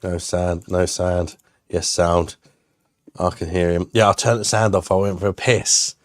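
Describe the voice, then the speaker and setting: A man's voice: low voice, level tone, measured pace, dry recording, studio quality. A man hosting a casual live stream, bantering and joking crudely with viewers. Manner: banter-heavy, jokey and crude.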